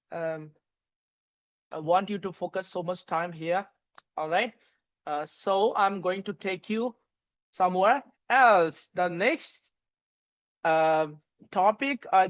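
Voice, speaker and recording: In a muffled recording, a medium-pitched teacher gives an online English pronunciation lesson. Words get spelled out letter by letter, amid many fillers and restarts.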